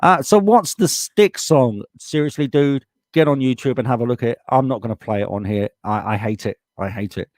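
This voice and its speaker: A man's voice: mid-range voice, flat delivery, fast, hardly any pauses, a little mellow, no room sound. Blunt British man on a live stream. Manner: blunt, swears freely, gets heated. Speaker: livestream host reading viewer comments. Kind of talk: casual live chat. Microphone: desktop USB microphone.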